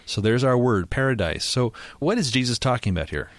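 A man's voice: medium pitch, animated, a little fast, no echo. A man hosting a Bible discussion, reading verses aloud and asking leading questions. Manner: reads verses, then asks leading questions. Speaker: host.

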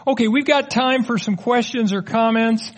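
A middle-aged man with a fairly high voice leads a teaching sermon. He explains in a loose, conversational manner, slipping in light jokes while taking questions from the audience. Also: moderate pace. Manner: conversational, explanatory, joking asides. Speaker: preacher.

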